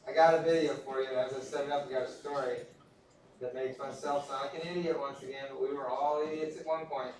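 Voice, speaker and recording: Chatty instructor in echoey room. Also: male voice, mid-range voice, flat delivery, fast talker, a little mellow, a little hiss or hum. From Texas. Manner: casual, self-deprecating, chatty. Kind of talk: classroom lecture with storytelling. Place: large echoey classroom. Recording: echoey classroom from far off.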